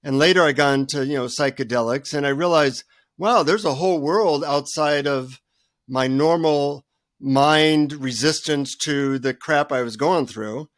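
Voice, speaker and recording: A man who is a guest author, telling humorous, animated stories in a remote interview. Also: fairly high pitch, measured pace, dry recording, clean studio sound. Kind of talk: storytelling in an interview.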